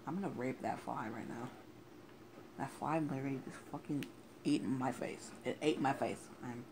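A young man talks over his game in loose, casual commentary, cursing freely and flaring into angry rants. His voice sits at an ordinary middle pitch. A clear layer of noise runs under the recording. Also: normal speed. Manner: swears a lot, angry outbursts. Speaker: gameplay commentator. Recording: noisy home recording.

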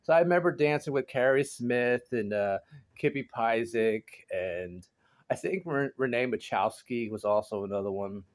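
A man in his forties chatting casually to his viewers from home, rambling and laughing often, jumping into high excited exclamations. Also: normal speed. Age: 40s. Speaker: vlogger. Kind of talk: casual chat to camera. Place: home garage.

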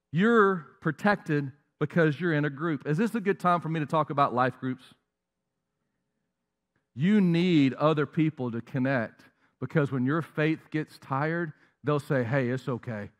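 A man with a fairly high voice preaches to his congregation. He asks them question after question and dips into mocking impressions to make his point. The sound carries a long reverb from a large church hall. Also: fairly bright tone. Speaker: pastor. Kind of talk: sermon.

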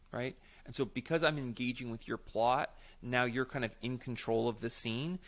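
Give me a man with a creaky voice co-hosting a podcast, explaining things emphatically. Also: medium pitch, fairly bright tone. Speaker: podcast co-host, improv teacher. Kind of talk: casual chat.

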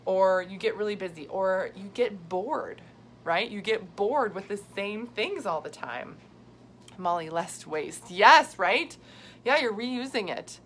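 A woman's voice: mid-range voice, animated, slow pace. Chatty upbeat woman on a livestream. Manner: chatty, upbeat, laughs often. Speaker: health coach hosting a live video. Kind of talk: casual live chat with viewers. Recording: faint background noise.

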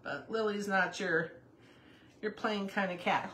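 A woman's voice: mid-range voice, fairly even intonation, a little slow, long pauses, fairly bright tone, slight background noise. A woman in her fifties hosting a casual crafting livestream, chatting with viewers and calling to her puppy. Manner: chatty, reads viewer comments aloud, talks to her puppy.

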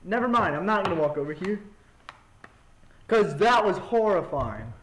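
A man rambles through casual commentary over a video game, goofy and quick to mock himself. His voice sits fairly high, and a faint hiss runs underneath. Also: sing-song, a bit bright, rough recording. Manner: goofy, rambling and self-mocking. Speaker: let's-play gamer.

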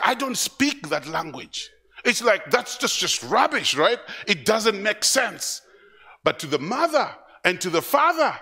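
Give me an animated man preaching at a church service, with a high, ringing voice. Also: gravelly. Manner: animated, acts out voices, laughs, repeats words. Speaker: pastor. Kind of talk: live sermon.

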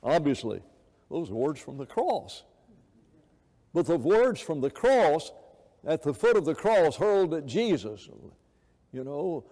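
A man's voice: fairly high pitch, big pitch swings, measured pace, pauses often, warm tone. A man preaching a sermon in an impassioned way, often repeating words and restarting phrases. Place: church sanctuary. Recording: echoey church hall.

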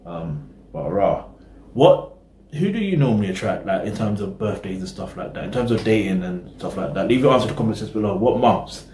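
A man's voice: on the low side, lively intonation, quick pace, darkish tone, echoey room, a little hiss or hum. A man hosting a reaction video, rambling casually in slang and talking straight to his viewers.

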